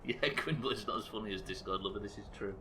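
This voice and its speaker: A man streams a game live, trading quick jokes and curses with his chat. His voice is rather low yet bright and forceful, with faint background noise behind him. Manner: swearing, joking asides to chat. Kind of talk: live gameplay commentary.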